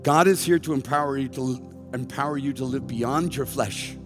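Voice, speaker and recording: A man's voice: medium pitch, normal speed. A middle-aged man preaching a sermon as pastor, emphatic and conversational, with wry self-deprecating asides. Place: church sanctuary. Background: soft music underneath.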